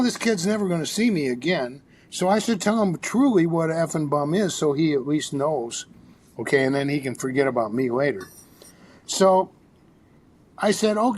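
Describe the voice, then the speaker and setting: A man with a fairly high voice is telling stories as a podcast guest. He is animated, tells anecdotes, and restarts his sentences often as he goes. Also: slight background noise. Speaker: psychologist and author, guest. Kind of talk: storytelling in a podcast interview.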